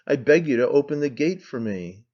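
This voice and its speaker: A cold, aloof aristocrat answers in a cool, measured tone, voiced by an audiobook narrator. His voice sits mid-range and the recording is somewhat dull. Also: mid-range voice, expressive, darkish tone, lightly acted. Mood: irritated. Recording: slightly dull lo-fi sound.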